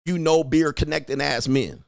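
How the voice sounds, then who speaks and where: A man hosting a livestream, ranting at his viewers in a loud, mocking, insulting way. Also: a little high, moderate pace, vocal fry, no echo, clean studio sound. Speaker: online dating coach host. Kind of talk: livestream rant.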